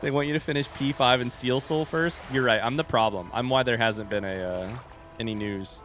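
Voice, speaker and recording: A man's voice: mid-range voice, brisk, a bit bright, soft background music. A man streaming a game live, chatting casually and rambling to his viewers. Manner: rambling, chatty, addresses chat directly. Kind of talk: casual livestream chat while gaming.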